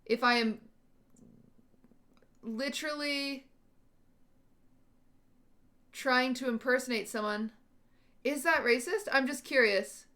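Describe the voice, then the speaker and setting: A woman's voice: sits high, slow, pauses often, pushed and bright. A woman hosting a livestream, thinking aloud to her chat in a casual, questioning and unsure way. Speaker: livestream host.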